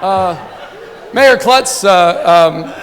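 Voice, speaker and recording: Higher-voiced man telling jokes at a banquet podium. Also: lively intonation, drawn-out words, a faint crowd, slight background noise. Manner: chatty comic storytelling, frequent "right?" asides. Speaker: sportswriter giving an award speech. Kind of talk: humorous banquet speech. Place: banquet hall. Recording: long banquet-hall reverb.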